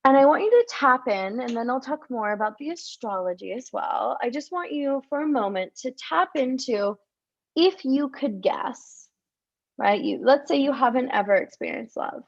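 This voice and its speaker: A woman love coach guiding listeners through a visualization, speaking softly and encouragingly with gasps and repeated words. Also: high-pitched, expressive, vocal fry. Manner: soft, encouraging, with gasps and drawn-out sighs. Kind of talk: live-streamed guided visualization. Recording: dull lo-fi stream audio.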